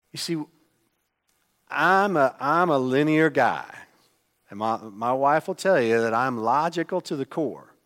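A man preaching a sermon, emphatic, swinging between loud exclamations and hushed asides. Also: fairly high pitch. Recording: long hall reverb.

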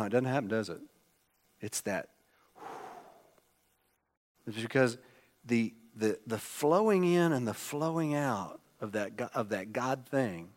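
A man preaching a sermon, emphatic, swinging between loud exclamations and hushed asides. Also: mid-range voice. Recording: long hall reverb.

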